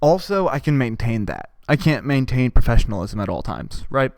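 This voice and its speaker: A man's voice: medium pitch, very animated, normal speed, vocal fry, no echo. A young man hosting a podcast, riffing profanely in a rambling comedic monologue and putting on voices for the people he quotes. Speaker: podcast host.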